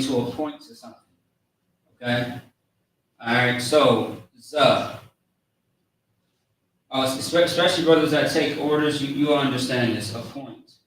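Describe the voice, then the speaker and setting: A man giving a casual, slangy lesson on words, spelling them out slowly. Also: medium pitch, fairly bright tone. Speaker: teacher of a language class. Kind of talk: informal lesson with a live chat. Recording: echoey room, far from mic, faint noise.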